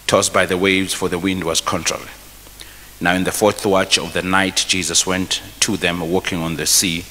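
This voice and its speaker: Deep-voiced preacher in a reverberant church. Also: male voice, sharp tone, a little hiss or hum. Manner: reads scripture aloud and stops to explain it; repeats and restarts phrases. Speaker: pastor. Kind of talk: sermon. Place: church hall.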